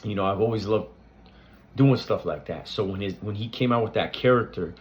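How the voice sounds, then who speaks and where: Low-voiced man rambling on his channel. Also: fairly quick, dull audio. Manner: loose, rambling, heavy fillers and restarts. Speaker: reaction channel host. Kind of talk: casual tribute talk to camera.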